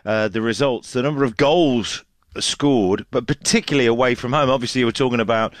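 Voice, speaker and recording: A man's voice: mid-range voice, brisk, no echo, studio quality. A man talking through last night's football results as a reporter, chatty and full of fillers and restarts. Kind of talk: casual match analysis on radio.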